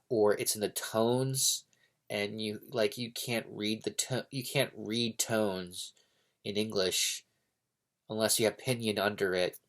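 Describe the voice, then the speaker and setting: A man talking casually and unscripted about a novel, rambling with many fillers and restarts. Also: on the low side. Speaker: book reviewer. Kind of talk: casual unscripted book review.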